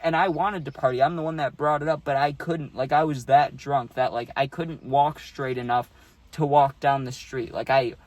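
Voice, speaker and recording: A man's voice: medium pitch, steady tone, moderate pace, no echo. A man casually telling a story for his vlog, laid-back and slangy, saying "dude" a lot, recorded outdoors on a phone. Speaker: YouTube storyteller. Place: outdoors on a hot day.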